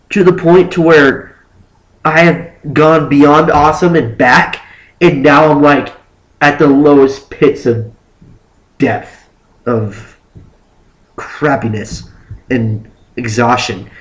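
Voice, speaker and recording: A young man telling a story casually on his vlog, animated and rambling, with lots of "like" fillers. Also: a little high, poor audio. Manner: acts out exaggerated quotes of himself and others. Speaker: vlogger.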